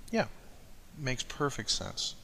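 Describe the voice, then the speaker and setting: Bright-voiced male radio host. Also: mid-range voice, big pitch swings, takes it slowly. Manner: stammers repeated words, then reads a smooth introduction. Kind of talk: radio interview and song introduction.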